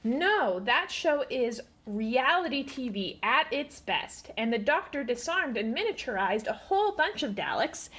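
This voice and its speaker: A woman's voice: high voice, sing-song, unhurried, hardly any pauses, fairly bright tone, exaggerated voice. A woman voicing a bossy, clever female cat in a storybook, matter-of-fact and lecturing. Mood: self-assured.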